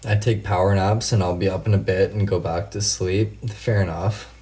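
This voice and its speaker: A man's voice: sits low, fairly even intonation, moderate pace, darkish tone. A man casually chatting with viewers on a late-night live stream, swearing freely and telling laid-back stories while he answers comments by name.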